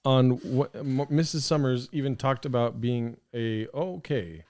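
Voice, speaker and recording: A man's voice: medium pitch, measured pace, darkish tone. A man hosting a live stream, rambling in casual commentary with lots of swearing, fillers and restarts. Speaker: podcast host streaming.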